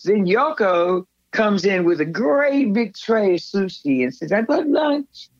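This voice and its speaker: A woman guest telling stories in a casual interview, lively and acting out what others said. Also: medium pitch, measured pace, no room sound. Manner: animated storyteller, acts out others' lines. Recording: dull lo-fi recording.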